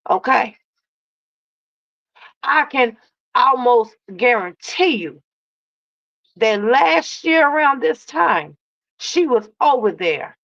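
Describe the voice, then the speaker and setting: A woman's voice: fairly high pitch, fairly bright tone, dry recording, lo-fi sound. A woman hosting a casual live reaction stream, drawling and sassy, calling her chat baby and love. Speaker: reaction channel host.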